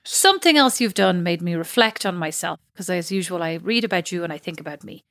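A woman's voice: on the low side, lively intonation, a little fast, fairly bright tone, no room sound. Chatty woman with a dry close sound. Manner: chatty, laughs at own jokes. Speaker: podcast co-host. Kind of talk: casual chat.

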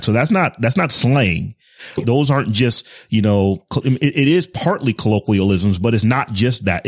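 A man's voice: fairly low pitch, no room sound, studio quality. A man hosting a tech podcast, explaining his points steadily and building them up step by step. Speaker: podcast host. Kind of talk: casual tech discussion.

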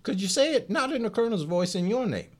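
A man co-hosting a podcast in casual chat, teasing his partner and drawing out name shout-outs. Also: high-pitched, animated, fast talker. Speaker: podcast co-host.

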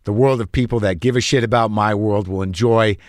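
A man's voice: fairly low pitch, steady tone, fairly quick, no room sound, studio quality. A man who is a comedian, telling a rambling, profane, anxious story as host of his own show. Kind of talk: storytelling monologue.

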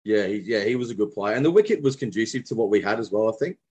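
A man's voice: lowish voice, expressive, fast, darkish tone, husky. A man from Brisbane with an Australian accent, reminiscing about his cricket days in a casual interview, rambling with many restarts. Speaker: guest, former cricketer.

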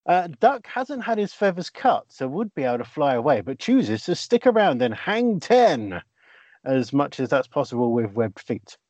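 Casting: male podcast co-host, dry close sound, slightly raised pitch, jokey. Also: big pitch swings, moderate pace, darkish tone, no room sound. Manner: jokey, hesitant with fillers. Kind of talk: casual banter. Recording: dull lo-fi sound.

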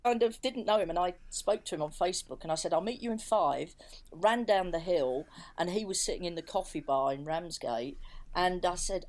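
A middle-aged woman from England, a record label owner, telling an anecdote in a relaxed chat and acting out the voices in her quotes. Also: on the low side, moderate pace. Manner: lively storyteller, acts out voices in quotes.

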